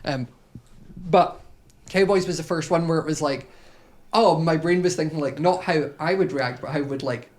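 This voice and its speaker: A man's voice: on the high side, moderate pace. A young man from Scotland with a Scottish accent, chatting casually as a podcast guest and rambling with lots of filler words.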